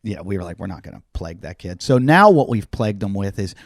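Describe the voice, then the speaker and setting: A man's voice: low-pitched, quick pace, no echo. Middle-aged comedian guy on a podcast, telling a story, doing everyone's lines, swears a bit, dry close sound. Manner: animated storyteller acting out other people's lines; swears casually. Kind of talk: casual storytelling chat.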